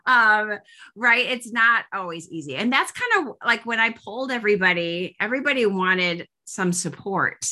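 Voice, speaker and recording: Chatty woman coach, bright voice. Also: medium pitch, big pitch swings, normal speed, hardly any pauses. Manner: chatty, many fillers and restarts. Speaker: parenting coach leading a group. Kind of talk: casual group coaching talk.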